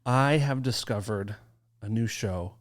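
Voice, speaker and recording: A man's voice: fairly low pitch, unhurried. A man co-hosting a podcast in casual chat, playful and teasing in manner. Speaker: podcast co-host.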